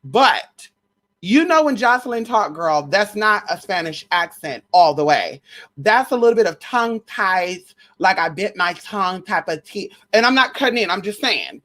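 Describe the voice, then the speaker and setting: A woman vloggs a loose gossip rant, brash and heavy with cursing. She calls her viewers honey and girl and slips into a shrill, high voice to mock the people she talks about. Her pitch sits mid-range for a woman. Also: expressive, normal speed, a bit bright. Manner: brash, profane and sassy, with pet names; mocks others in a shrill high voice.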